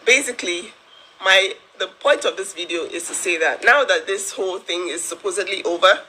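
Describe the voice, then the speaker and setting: A woman's voice: lowish voice, normal speed, pushed and bright, slight background noise, poor audio. A woman from Africa who works as a nurse, talking straight to camera in an indignant, emphatic way and repeating herself for stress. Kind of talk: direct-to-camera vlog.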